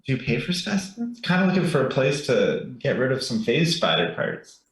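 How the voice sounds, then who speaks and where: A man's voice: medium pitch, sing-song, fairly quick. A man voicing a laid-back male adventurer in a put-on folksy accent, offering monster parts for sale. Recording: very echoey, distant mic.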